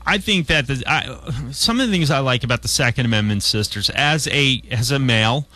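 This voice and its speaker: A man's voice: medium pitch, animated, normal speed, sharp tone. A man hosting a talk radio show, chatting casually and rambling with frequent restarts. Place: radio studio.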